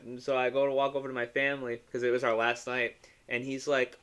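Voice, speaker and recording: A man's voice: medium pitch, fairly even intonation, moderate pace, fairly bright tone. Young guy on a podcast, rambling stories, swears a lot, laughs a bunch. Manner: loose storytelling, swearing, laughing often. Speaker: podcast co-host. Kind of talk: casual chat.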